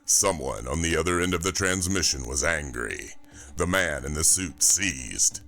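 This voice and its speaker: A man reading an audiobook in a steady, even storytelling delivery. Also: extremely low pitch. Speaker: audiobook narrator. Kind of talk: scripted narration.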